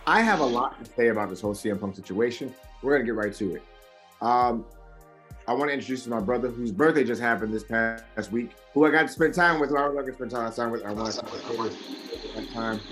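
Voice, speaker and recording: A man hosting a wrestling podcast in casual chat, excitable, with loud bursts and repeated restarts, over faint music. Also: medium pitch, a little fast. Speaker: podcast host.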